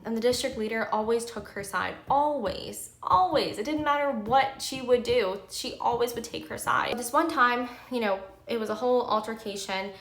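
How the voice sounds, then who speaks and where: Woman, 30s, vlogger; emphatic, heated storytime delivery, bright tone, recorded in an echoey room. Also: on the high side. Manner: heated, emphatic venting with many fillers. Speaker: pharmacy technician and nursing student. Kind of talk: candid vlog storytime.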